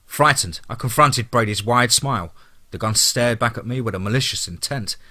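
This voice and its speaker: A man's voice: mid-range voice, normal speed, bright, forceful tone. A man telling a horror story aloud in a dramatic, tense narration style.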